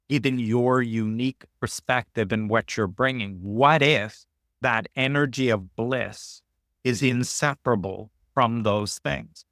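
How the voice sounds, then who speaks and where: A man's voice: fairly bright tone, no room sound, studio quality. A man hosting a reflective conversation, speaking thoughtfully and lifting his voice to stress key ideas. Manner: thoughtful, emphatic, rises in pitch to stress points. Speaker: podcast host.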